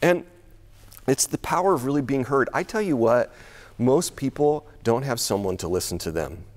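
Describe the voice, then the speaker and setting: A man's voice: medium pitch, expressive, moderate pace, a little mellow. A middle-aged man preaching a sermon in a church, conversational, laughing often and repeating words as he thinks. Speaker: pastor.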